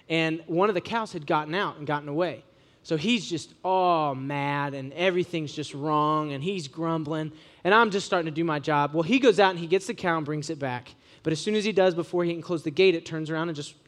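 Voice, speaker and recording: A young man from Ohio, preaching to students in a casual, joking sermon full of animated storytelling. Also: fairly high pitch. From Ohio, USA.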